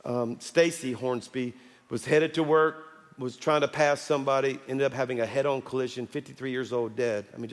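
A man preaching a sermon as pastor, building to loud calls at the congregation. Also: mid-range voice. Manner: preaching with rising shouts to the congregation. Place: large church sanctuary. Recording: long hall reverb with music underneath.

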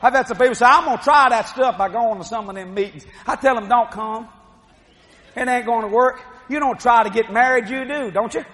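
A middle-aged man preaching a sermon, telling a story with animated, shouting delivery. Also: very high-pitched, fairly quick, big-room sound.

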